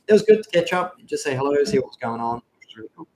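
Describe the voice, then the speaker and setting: New Zealand man, relaxed chat. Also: fairly high pitch, poor audio. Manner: relaxed, chatty, halting with fillers. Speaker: vlog co-host. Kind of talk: casual chat.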